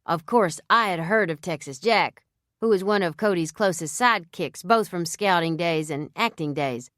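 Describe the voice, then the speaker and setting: A woman narrating a novel in the first person with a measured, even storytelling manner. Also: on the low side, dry recording, studio quality. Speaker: audiobook narrator.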